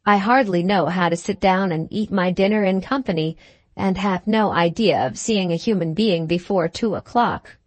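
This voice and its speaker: Earnest, gruff-but-kind gentleman, read by a woman narrator; plain, close, dry delivery. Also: lowish voice, normal speed, dry recording, natural voice.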